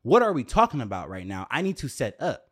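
A young man in the middle of a storytime rant, talking straight to his viewers. He swears freely, piles on "like" and restarts, and keeps throwing out exasperated rhetorical questions. His pitch sits in a middle range. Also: quick pace. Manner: animated, profane, full of fillers and repeated rhetorical questions.

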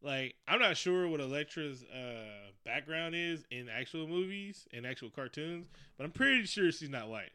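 A man recaps a film in loose, profane, jokey chat. His voice sits a bit high and comes through smooth and clear, with a bright, forward edge. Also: moderate pace, hardly any pauses. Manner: animated, profane, jokey storytelling. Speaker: podcast co-host recapping a movie. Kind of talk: casual chat.

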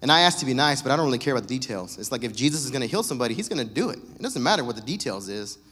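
A male pastor giving a casual, joking sermon with animated storytelling. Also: medium pitch, very fast, husky, long reverb tail.

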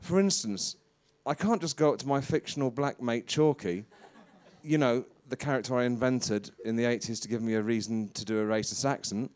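A man playing a crude, bewildered veteran stand-up comedian in a rambling deadpan confessional monologue. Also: medium pitch, brisk, natural voice.

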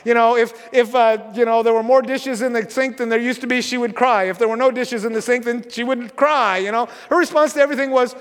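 High-voiced pastor preaching in a reverberant sanctuary. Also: male voice, fairly even intonation. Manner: conversational and halting, with many restarts, dropping soft when emotional. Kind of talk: sermon. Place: church sanctuary. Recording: long reverb from a church sanctuary.

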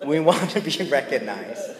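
Playful male pastor in an echoey hall. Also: mid-range voice. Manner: playful and conversational, often asking "right?". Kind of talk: sermon. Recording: echoey church hall with long reverb.

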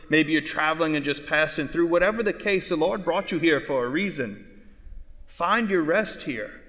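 A man preaching a homily in a big church, his voice on the higher side for a man. He presses the congregation with question after question. A long reverb hangs after each phrase. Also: fairly bright tone. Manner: preaching with repeated rhetorical questions. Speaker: priest. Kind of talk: sermon. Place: large church. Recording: echoey church hall.

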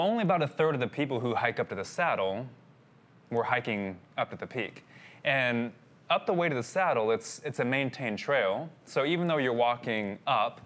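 A man's voice: medium pitch, animated, moderate pace, a bit bright. A man telling a personal story in a sermon, talking casually and addressing his listeners as guys. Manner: conversational, addresses audience as guys. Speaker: pastor.

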